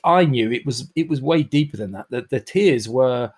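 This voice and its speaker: A man's voice: mid-range voice, expressive, normal speed, darkish tone, slightly rough. A man hosting a podcast conversation, thoughtful and self-deprecating as he reflects.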